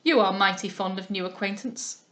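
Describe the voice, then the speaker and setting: A woman voicing a surly, prejudiced English captain who speaks bluntly and gruffly. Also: medium pitch, moderate pace, fairly bright tone, voice pushed down, lightly acted.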